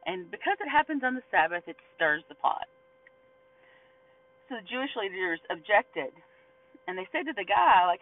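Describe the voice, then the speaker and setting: High-voiced man teaching Bible, tinny distant sound. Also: normal speed, long pauses. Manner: chatty, animated, laughs often, mimics whiny voices.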